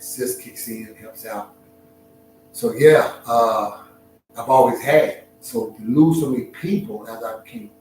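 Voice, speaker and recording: A man's voice: medium pitch, a little mellow. Middle-aged man telling a personal story in an echoey room. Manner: emotional, reflective, halting with frequent restarts. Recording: very echoey room, distant mic, music behind.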